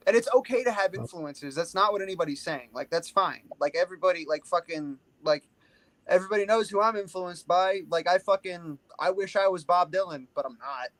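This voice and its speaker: A man's voice: high-pitched, brisk, a bit bright, no room sound, low-quality recording. A man in a casual podcast chat, talking bluntly with lots of swearing and filler words.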